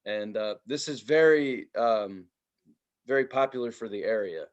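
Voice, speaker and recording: A man co-hosting a podcast, telling stories in casual chat, swearing freely and loudly imitating the people in them. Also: on the low side, unhurried, muffled recording. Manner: animated storyteller, mimics others loudly, swears freely. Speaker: podcast co-host.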